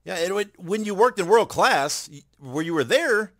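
A man hosting a podcast interview, asking brisk questions and giving short acknowledgments. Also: high-pitched, expressive, fairly bright tone, no room sound, clean studio sound. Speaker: podcast host.

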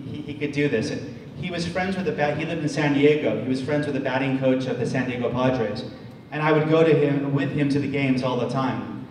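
Halting man speaking in an echoey hall. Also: mid-range voice, a little mellow. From United States. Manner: halting, repeats words, restarts often. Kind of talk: storytelling talk to an audience. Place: large hall. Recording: echoey hall, distant mic, faint noise.

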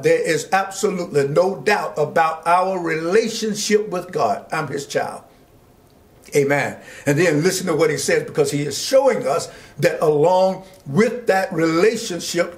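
A man pastor teaching a Bible study, slowly reading scripture aloud and preaching with rising emphasis and asides to his listeners. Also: on the high side. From Georgia, US.

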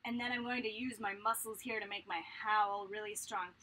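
A woman teaching a vocal warm-up lesson to children, cheerful and encouraging. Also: mid-range voice, little pitch movement, normal speed, a little hiss or hum.

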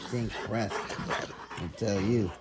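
A man's voice: lowish voice, steady tone, takes it slowly. A young man casually talking to his dogs in a vlog, teasing and exasperated, calling them weirdos. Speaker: dog owner vlogger. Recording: dogs, clicks and noise behind.

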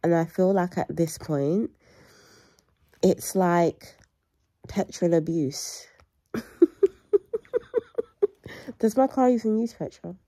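A woman's voice: lowish voice, slow, pauses often, warm tone, echoey room. A woman, chatting casually and teasing playfully in a vlog. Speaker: vlogger.

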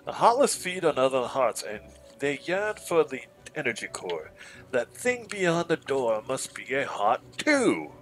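A man voicing an excited male scholar reading his research journal aloud, in a British accent with dramatic, wondering delivery. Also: mid-range voice, a little slow, faint music behind, rough recording. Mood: musing.

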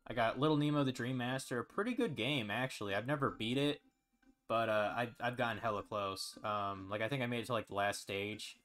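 A man streaming live, chatting casually in a rambling, relaxed way with lots of fillers and the odd swear word. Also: medium pitch, brisk. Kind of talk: casual chat.

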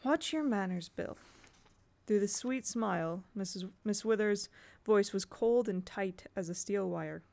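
Woman audiobook narrator, steady storybook read, gravelly texture. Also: medium pitch, a little slow, few pauses. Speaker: audiobook reader.

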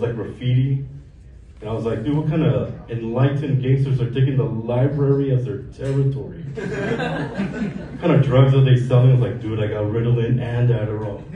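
A man's voice: medium pitch, far from the mic, narrow, tinny audio. A man in his thirties from Mexico doing a casual, profane stand-up set in a comedy club. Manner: deadpan, casual, profane storytelling. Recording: echoey club recorded from afar. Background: audience laughter and room noise.

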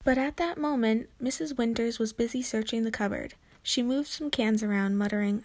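A woman reads a children's chapter book aloud. Her storytelling is gentle and clear, in a fairly high voice. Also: moderate pace, few pauses. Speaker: narrator.

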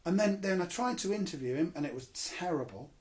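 A man's voice: sits high, fast talker. A man from Cornwall, a comedian and crime writer, telling a self-mocking story as an interview guest. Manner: animated, self-mocking anecdotes with acted-out quotes.

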